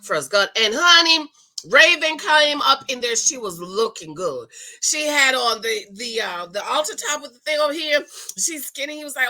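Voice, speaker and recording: A woman talks through a reality show episode in a casual, gossipy recap. Her voice sits high and bright, and she jumps into quick, animated impressions of the cast as she goes.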